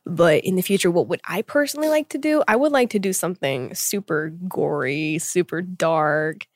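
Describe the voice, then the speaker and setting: A woman's voice: lowish voice, expressive, moderate pace, dry recording, clean studio sound. Bubbly young woman, podcast guest. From United States. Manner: bubbly, laughs often, acts out quotes. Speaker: guest singer. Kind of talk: casual podcast chat.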